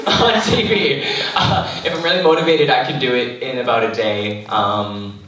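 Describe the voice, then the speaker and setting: A man's voice: medium pitch, normal speed, fairly bright tone. A man answering questions on a cosplay panel, chatty and laughing often, with casual swearing. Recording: echoey hall from far off, faint noise.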